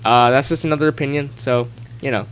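A man hosting a casual podcast chat, talking in halting bursts with frequent restarts and laughs. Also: medium pitch, fairly even intonation, a bit bright, smooth. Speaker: podcast host.

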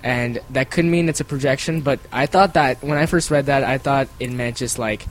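A man's voice: medium pitch, fairly even intonation, normal speed, a little hiss or hum, low-quality recording. A man hosting a casual podcast, reading listener emails and chatting in a rambling, apologetic way. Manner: rambling, apologetic, laughs often; reads listener emails aloud. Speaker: podcast host.

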